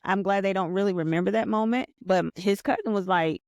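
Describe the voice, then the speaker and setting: A woman in her forties tells her own story as a podcast guest, earnest and animated, circling back with repeated phrases and restarts. Her voice sits at a middling pitch and comes across close and dry, with no room around it. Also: brisk, no echo. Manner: earnest and animated, reliving events aloud; often repeats herself and restarts sentences. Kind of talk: personal storytelling in conversation.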